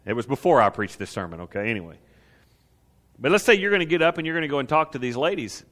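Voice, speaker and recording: A male pastor preaching an animated sermon who asks the audience questions and acts out scenes. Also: medium pitch, fast talker.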